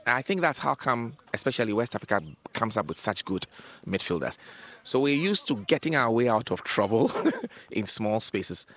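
A man from Ghana, the head of a football academy, explaining things in a relaxed interview. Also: mid-range voice, moderate pace, slight background noise. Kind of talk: interview answers.

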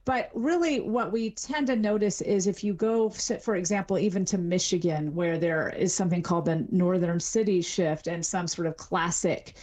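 A woman's voice: on the low side, normal speed, few pauses, darkish tone. A middle-aged woman, a linguistics professor, explaining things articulately as a guest in an interview. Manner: articulate, explanatory, with some fillers. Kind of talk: expert interview.

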